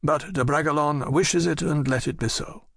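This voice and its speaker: A man's voice: a little high, fairly even intonation, moderate pace, vocal fry, dry recording, studio quality. A man voicing a dignified older nobleman and father who pleads in courtly, earnest speech in an audiobook.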